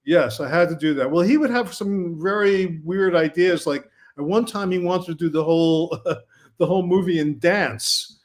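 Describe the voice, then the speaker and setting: Guy from brooklyn with a pretty high voice, telling set stories and quoting everybody. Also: moderate pace. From Brooklyn, New York. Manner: animated anecdotes, quotes himself and others. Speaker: guest film director. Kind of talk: casual storytelling.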